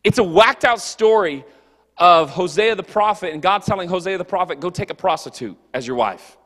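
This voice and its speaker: A man preaching a casual, animated youth sermon in a church, joking and slipping into quick character voices. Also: sits high. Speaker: youth pastor. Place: church hall. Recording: long hall reverb.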